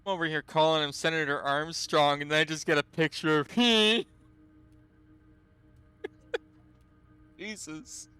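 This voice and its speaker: Man, game streamer, casual amused commentary, reads text aloud, bright tone, crisp clear voice. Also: fairly high pitch, a little slow, long pauses, no echo. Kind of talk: casual let's-play commentary.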